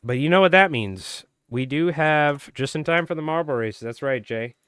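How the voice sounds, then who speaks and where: Hoarse man calling a marble race. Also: a little high, expressive, moderate pace, a bit bright, dry recording. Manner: playful sportscaster-style play-by-play of a marble race. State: hoarse, voice wearing out. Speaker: fly tying live streamer. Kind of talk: live stream commentary.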